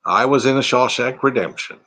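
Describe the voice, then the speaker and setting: A man doing an impression of a slow, grave, deep-voiced elderly male movie narrator. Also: a bit bright. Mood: solemn.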